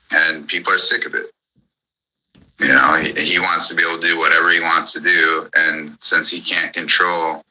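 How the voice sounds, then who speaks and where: A man's voice: extremely low pitch, bright, forceful tone, poor audio. A man in an angry, profane ranting monologue on a live audio chat, hammering the same points again and again. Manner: furious, profane, repetitive.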